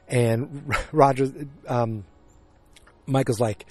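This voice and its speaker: A man's voice: mid-range voice, steady tone, slow pace, no echo. A man hosting a podcast, casually recapping a TV episode and rambling with many fillers and restarts. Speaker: podcast host.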